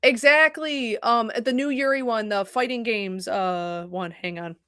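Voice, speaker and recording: A woman's voice: fairly high pitch, measured pace, no room sound, clean studio sound. A young woman streamer chatting casually at her computer, rambling and swearing as she talks. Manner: rambling, profane and animated. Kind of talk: casual chat. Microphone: desk mic at a computer.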